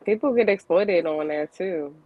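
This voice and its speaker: A woman chatting casually on a podcast, relaxed and hesitant, with many fillers. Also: fairly low pitch, normal speed, narrow, tinny audio. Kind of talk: casual chat.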